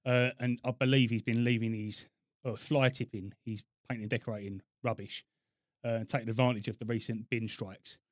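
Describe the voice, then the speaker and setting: A man co-hosting a podcast in casual chat, with laid-back, half-mumbled asides. His pitch sits in the middle range. The recording is dry and close. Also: level tone, brisk, no echo. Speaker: podcast co-host.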